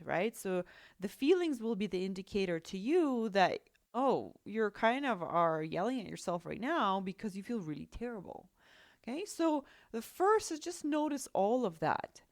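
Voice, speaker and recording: A woman's voice: mid-range voice, animated, moderate pace, dry recording, clean studio sound. Reassuring Russian-accented woman podcaster. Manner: reassuring, conversational, frequent tag questions like "right?" and "okay?". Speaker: podcast host and life coach. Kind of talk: solo podcast talk.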